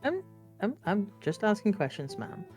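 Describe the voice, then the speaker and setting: A woman playing a tabletop game, polite and halting when she talks in character. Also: mid-range voice, very animated, a little mellow, soft background music. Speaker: player.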